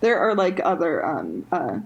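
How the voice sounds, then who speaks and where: A woman's voice: on the low side, sing-song, measured pace, vocal fry, muffled recording, a crowd in the background. A woman co-hosting a podcast, telling a story in a casual chat full of "like" and "um". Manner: chatty, heavy use of "like" and "um". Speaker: podcast co-host.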